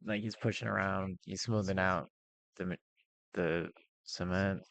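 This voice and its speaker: A man's voice: low-pitched, fairly even intonation, measured pace, creaky, a bit bright, no echo. A young man telling a rambling personal story in a casual vlog, full of fillers and restarts. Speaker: vlogger.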